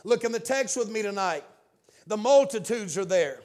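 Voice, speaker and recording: A man preaching a fervent revival sermon in church, swinging between hushed asides and shouted appeals. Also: high voice, lively intonation, moderate pace.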